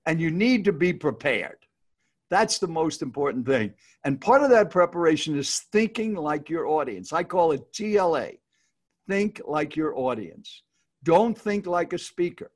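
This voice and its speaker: A man giving casual, upbeat speaking advice on a video call, repeating his key points as he teaches. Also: on the high side. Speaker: speaking coach guest.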